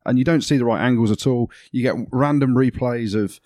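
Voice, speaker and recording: A man's voice: mid-range voice, fairly quick, no room sound. A man co-hosting a rugby podcast in a studio, chatting casually, laughing often and telling stories with energy. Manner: laughs often, animated storytelling. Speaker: podcast co-host, rugby commentator. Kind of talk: casual chat.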